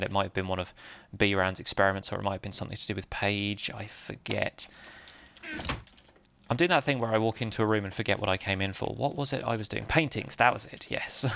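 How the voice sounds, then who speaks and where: A man with a low, gravelly voice talks through his gameplay in a relaxed, chatty way. He laughs at himself a lot. Faint keyboard clicking sits under his voice. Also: slight background noise. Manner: chatty, self-deprecating, laughs often. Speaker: Minecraft let's-play host. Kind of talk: casual gameplay commentary.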